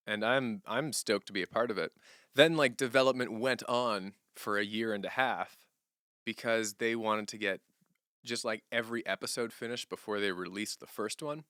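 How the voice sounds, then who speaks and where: Young male streamer, bright and crisp tone, dry close sound, loose, chatty and laughing. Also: lowish voice, no echo. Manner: relaxed, rambling, laughs often. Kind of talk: casual livestream chat answering viewers.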